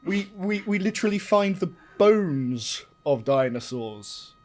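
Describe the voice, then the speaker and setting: Skeptical man with a higher, lively voice. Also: measured pace. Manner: dry, swearing, skeptical. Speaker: co-host. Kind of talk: casual chat.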